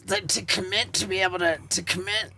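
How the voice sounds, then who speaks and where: A man hosting a podcast, chatting casually and firing quick follow-up questions. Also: sits high, steady tone, a crowd in the background. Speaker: podcast host. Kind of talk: casual interview chat.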